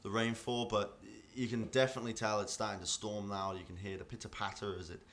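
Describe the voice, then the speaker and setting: A man narrates a tabletop game as its dungeon master in a low, easygoing voice. He rambles and fills pauses with "um" and "uh" as he describes the scene. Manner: rambling, filler-heavy, relaxed.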